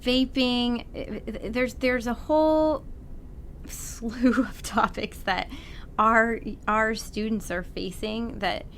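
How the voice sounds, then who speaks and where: A woman's voice: on the high side, steady tone, slow, fairly bright tone, a little hiss or hum. A woman in her forties, a school board candidate, speaking earnestly in a casual interview. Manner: earnest, agreeable, many short affirmations.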